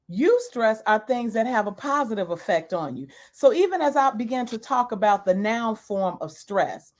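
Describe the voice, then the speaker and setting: Woman teaching about self-care, kinda high voice, keeps stressing her main points. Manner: teacherly, repeats key points for emphasis. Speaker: self-care educator and speaker. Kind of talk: lecture-style talk.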